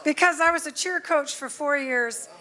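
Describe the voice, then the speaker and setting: A woman's voice: high voice, normal speed, pushed and bright. A woman who was a cheer coach, telling a funny story about the host to the guests at a party, laughing as she goes.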